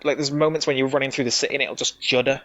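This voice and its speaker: A man's voice: mid-range voice, fairly even intonation, very fast, a bit bright. A man, a podcast guest, chatting casually and rambling through a game review. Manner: rambling, with frequent restarts and swearing. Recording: dull dry sound.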